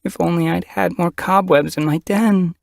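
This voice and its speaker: A man's voice: high voice, fairly even intonation, moderate pace, creaky, dry recording, studio quality, pitched above the performer's own voice. Mothflight, an anxious she-cat, as a man puts her on. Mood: grieving. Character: anxious young she-cat medicine cat mother.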